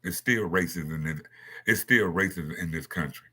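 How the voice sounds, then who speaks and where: A man with a bright, slightly husky voice, speaking off the cuff in a casual monologue. He rambles from point to point, blunt and quick to swear. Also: low-pitched.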